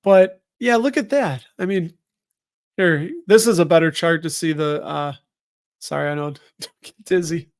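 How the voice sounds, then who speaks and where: Chatty middle-aged man, higher voice. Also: a little slow, pauses often. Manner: rambling, thinks aloud, breaks off mid-sentence. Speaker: live stream host. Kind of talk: casual live stream chat.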